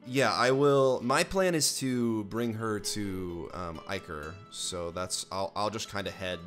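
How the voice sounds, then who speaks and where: A man talking hesitantly as a tabletop game player, halting and full of fillers. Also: lowish voice, a bit bright, soft background music. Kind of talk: casual chat as a tabletop player.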